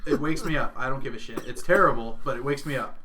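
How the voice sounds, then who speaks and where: A man's voice: mid-range voice, fast talker, background noise. A man co-hosting a podcast, telling profane stories in casual chat and laughing often. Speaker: podcast co-host.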